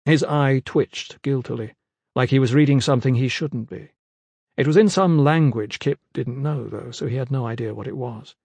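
A man's voice: medium pitch, normal speed, creaky, darkish tone, slightly rough, no echo. Man narrating, dry close voice. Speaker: audiobook narrator. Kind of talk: scripted narration.

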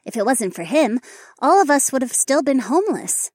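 A cheerful young woman gardener, played by a male narrator, high and bouncy, eager and grateful in tone. The recording is dry and close. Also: sing-song, moderate pace, no echo, heavily acted.

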